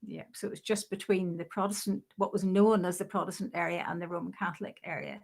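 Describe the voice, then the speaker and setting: A woman's voice: on the low side, quick pace, vocal fry. Laughing older woman. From Northern Ireland. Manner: lively, laughing storyteller. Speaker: guest. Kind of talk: storytelling interview.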